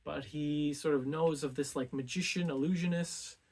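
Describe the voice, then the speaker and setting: A man's voice: fairly high pitch, normal speed, a little mellow, slightly rough. Laid-back man casually summarizing a book. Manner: laid-back, peppers speech with "like". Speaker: book club video host.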